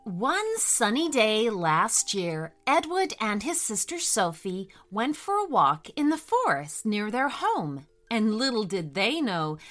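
A woman narrating a bedtime story for children, talking slowly with a very lively, sing-song pitch. Her voice is bright and upfront. Faint music sits under her. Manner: warm, animated, addresses kids directly.

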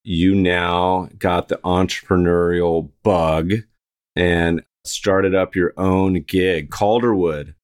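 Slow, smooth, and steady in tone, a low-voiced American podcast host keeps things chatty and upbeat. He introduces his guest, jokes around, and reads an ad in a relaxed interview setting.

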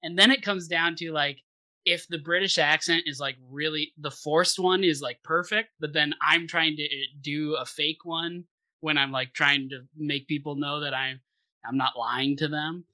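A man co-hosting a podcast in casual chat, animated and thinking aloud in bursts. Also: a little high, normal speed, no echo. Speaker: podcast co-host.

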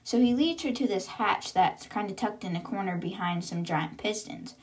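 A woman's voice: medium pitch, expressive, moderate pace, husky. A woman hosting a podcast, retelling a novel in a chatty, casual way with laughs and sarcastic asides. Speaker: podcast host. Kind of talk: casual book recap.

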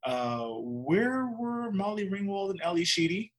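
A man in casual podcast talk about a movie, animated and exasperated, ranting with laughs. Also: sits high, unhurried. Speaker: podcast co-host.

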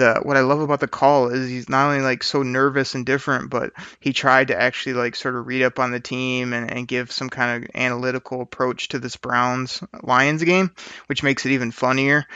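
A man hosts his podcast in an easygoing, rambling chat, often breaking into laughs. His voice is bright and gravelly, and it sounds dry and a little dull. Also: mid-range voice, dry recording. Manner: chatty, laughing, rambling with fillers. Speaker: podcast host. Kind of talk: casual chat.

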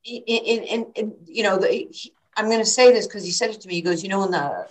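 Speaking fast in a mid-range voice, a New York woman who coaches basketball tells lively interview stories and acts out the quoted dialogue. The recording quality is low.

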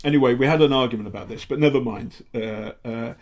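A British investigative journalist telling stories in a casual interview, halting often and acting out the people he quotes. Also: medium pitch, a little mellow. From Britain. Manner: halting, many fillers and restarts, acts out quotes.

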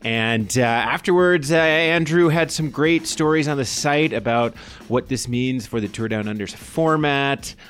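A man hosting a podcast, talking in a quick, upbeat, chatty way as he opens the show and questions his guest. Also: mid-range voice, fairly bright tone, slight background noise. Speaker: podcast host. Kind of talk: casual podcast interview. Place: Boulder, Colorado studio.

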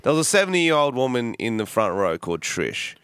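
A man's voice: mid-range voice, big pitch swings, a little fast, fairly bright tone, clear, resonant tone, dry recording, clean studio sound. A man, a comedian and podcast co-host, telling crude, joking stories in casual banter. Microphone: headphones and studio mic.

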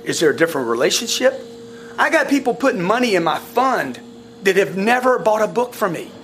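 A man coaching his sales staff in a blunt, animated way, often restarting his sentences. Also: high-pitched, brisk, slight background noise. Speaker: sales team leader.

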